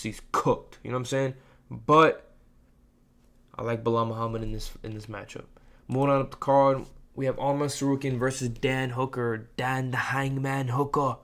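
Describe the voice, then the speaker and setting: A man's voice: mid-range voice, a bit bright. Slangy, rambling man talking fight picks. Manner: slangy, rambling, says "bro" a lot. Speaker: host of fight prediction channel. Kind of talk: casual sports predictions talk.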